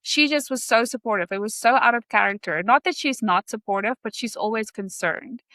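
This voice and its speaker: A woman's voice: fairly high pitch, brisk, bright, forceful tone, dry recording. A woman guesting on a podcast, talking in a gushing, grateful way, with many fillers. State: emotional. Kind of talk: casual interview conversation.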